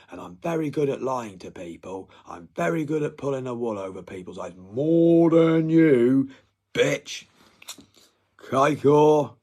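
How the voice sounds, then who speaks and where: A man delivering a threatening, profane rant, dropping to hushed whispers and then bursting out loudly. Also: on the low side, slightly rough. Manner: swings from hushed whispers to loud outbursts, heavy swearing.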